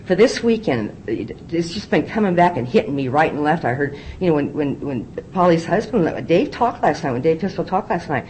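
A woman's voice: sits low, big pitch swings, brisk, hardly any pauses, a little mellow, a little hiss or hum, rough recording. A middle-aged woman speaking from a podium at a recovery meeting, telling her story candidly and often repeating words as she restarts. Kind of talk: personal testimony talk.

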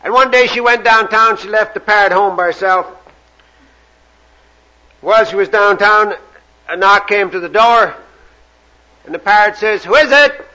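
A man telling a story to a meeting in a folksy, joking way. His voice is bright and fairly high for a man. The recording sounds dull and lo-fi. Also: steady tone, normal speed, pauses often. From Canada. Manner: folksy joke-telling, self-deprecating. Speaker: recovery meeting speaker.

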